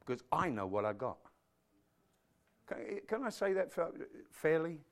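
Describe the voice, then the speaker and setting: A man's voice: on the high side, very animated, measured pace. A male pastor preaching a sermon in an impassioned, emphatic way, breaking off into self-deprecating asides.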